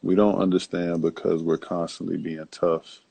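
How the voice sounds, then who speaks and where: A man talks in a very deep, gravelly, flat voice, close and dry on the mic. His speech is halting and full of restarts as he reflects. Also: no room sound. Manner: halting, many fillers and restarts. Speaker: host. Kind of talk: reflective casual talk.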